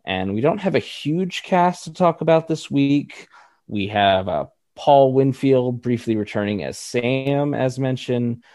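A man's voice: mid-range voice, expressive, measured pace, darkish tone, no echo, clean studio sound. A man co-hosting a podcast, chatting casually through a review, laughing often and using many fillers. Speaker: podcast co-host.

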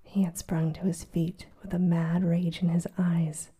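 A woman narrating a classic novel as whispered role-play, soft and measured. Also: fairly low pitch, little pitch movement, husky.

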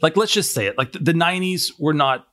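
A man's voice: a little high, animated, fast talker, pushed and bright. A man hosting a casual interview, asking earnest, reflective questions. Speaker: interview host.

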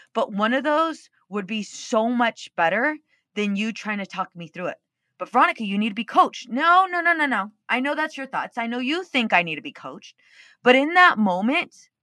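Bright, candid woman podcast host. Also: fairly high pitch, no room sound, clean studio sound. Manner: candid and expressive, swears freely. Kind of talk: casual storytelling monologue.

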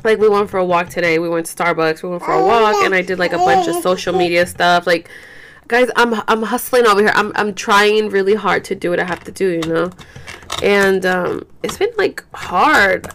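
A woman's voice: mid-range voice, moderate pace, a bit bright, slight background noise. A woman hosting a podcast in a rambling, chatty way, tired and yawning, saying "like" a lot and swearing now and then. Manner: rambling, chatty, says "like" and "you guys" often, swears. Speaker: podcast host. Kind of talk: casual chat.

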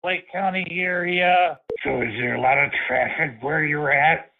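A man's voice: on the high side, unhurried, vocal fry. A man making crude prank phone calls, rambling, stammering and talking lewdly. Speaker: prank caller. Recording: tinny phone line.

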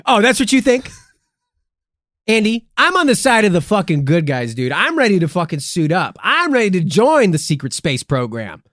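A man's voice: sits high, wildly swooping pitch, normal speed, a bit bright, no room sound, studio quality. A man co-hosting a comedic conspiracy podcast, teasing and mock-dramatic, swearing often. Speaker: podcast co-host.

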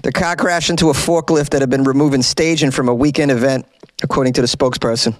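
A man's voice: mid-range voice, fairly even intonation, fast talker, dry recording. A man hosting a casual comedic news commentary, reading headlines and riffing with joking asides.

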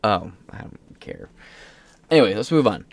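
A man's voice: on the low side, very animated, normal speed, vocal fry. A man hosting his own solo commentary show, reading news aloud in a casual, rambling, sarcastic way, tripping over words and swearing offhand. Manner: stumbles while reading aloud. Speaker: political commentary host.

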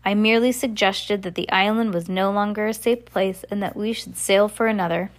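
A calm, manipulative old man from a storybook who speaks smoothly and evenly, as a woman reads him. He sounds like someone used to getting his way. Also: medium pitch, fairly quick, close to an everyday voice.

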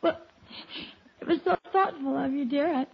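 A woman playing a sweet, affectionate middle-aged wife and mother in a 1950s radio sitcom, gentle and doting, on a dull old radio recording. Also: high-pitched, moderate pace, creaky.

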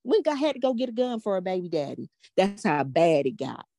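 A woman's voice: fairly low pitch, sing-song, brisk, gravelly, mellow, no echo, studio quality. An older woman hosting a podcast, telling a story to a live audience in a blunt, profane, emphatic way and asking a lot of rhetorical questions. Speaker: podcast host.

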